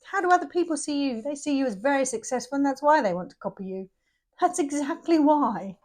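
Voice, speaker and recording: A woman's voice: high-pitched, animated, brisk, darkish tone. A middle-aged woman, giving a casual, chatty tarot reading full of jokes and exclamations. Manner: chatty, jokey, frequent exclamations. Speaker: tarot reader.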